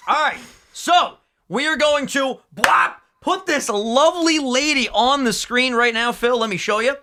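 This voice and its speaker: A young man co-hosting a podcast in casual chat, excitable and swearing often, breaking into high laughs. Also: a little slow, a little hiss or hum. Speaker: podcast co-host.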